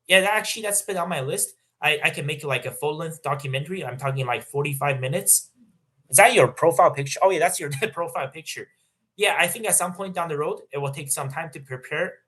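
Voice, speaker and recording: A young man hosting a livestream, reading out viewer questions and answering in a halting, filler-heavy casual way. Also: fairly high pitch, sharp tone. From Canada. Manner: halting, many fillers and restarts, laughs often. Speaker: livestream host. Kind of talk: casual livestream chat reading super chats.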